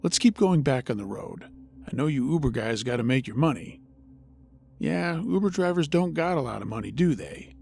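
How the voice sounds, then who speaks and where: A man's voice: medium pitch, expressive, normal speed, creaky, darkish tone, a little hiss or hum. A man voicing an unsettling female passenger who talks in a sing-song, cutesy country drawl. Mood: sweetly menacing.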